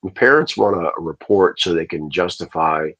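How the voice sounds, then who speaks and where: A man's voice: low voice, normal speed, a bit bright. A man hosting a livestream, telling a long rambling story in casual, profane speech. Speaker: livestream host.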